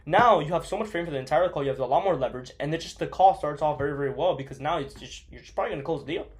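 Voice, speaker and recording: A man's voice: on the high side, very fast. A young man coaching on sales in a blunt, profane, casual monologue, full of fillers.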